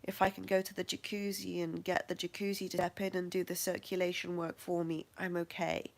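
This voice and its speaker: Low-voiced woman, frank and self-mocking. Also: little pitch movement, vocal fry. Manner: frank and matter-of-fact, quick to laugh at herself. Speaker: vlogger sharing her health journey. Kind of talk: candid personal storytelling.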